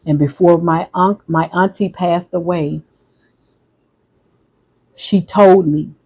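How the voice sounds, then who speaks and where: A man with a fairly high voice talks on his livestream in a quiet, halting way. He restarts and repeats his words often, like a personal monologue. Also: fairly even intonation, breathy edge, poor audio. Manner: soft-spoken, halting, repeats himself. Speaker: livestream host.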